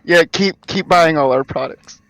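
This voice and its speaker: A man's voice: on the high side, a little slow, creaky, fairly bright tone, dry recording. An American man trading teasing jabs with friends while streaming a game. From United States. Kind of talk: casual gaming banter.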